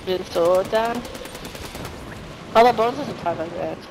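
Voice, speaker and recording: A woman's voice: medium pitch, unhurried, background noise. A woman chatting casually while streaming a game; she laughs a lot and swears freely. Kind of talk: casual gaming chat.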